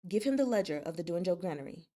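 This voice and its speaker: A woman's voice: on the low side, lively intonation, fast talker, warm tone. A woman reading as a stern, cutting young lord. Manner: cold, cutting, emphatic.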